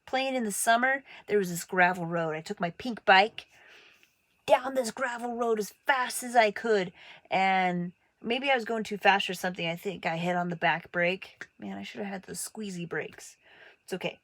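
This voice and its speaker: A woman from Montana telling personal stories about growing up, in a casual, candid way. She throws her voice up high when she quotes teachers and family, making the stories animated. The room sounds dry, with no echo. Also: moderate pace. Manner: animated, acts out quoted voices with big pitch jumps. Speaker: artist telling her life story.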